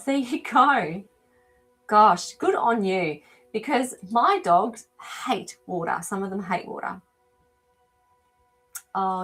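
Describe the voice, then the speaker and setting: A woman's voice: medium pitch, a bit bright. A woman hosting a live animal communication show. She speaks in a casual, searching way with many ums and answers viewers' comments as they come in. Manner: hesitant, searching for words with frequent ums. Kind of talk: live-stream reading, casual chat.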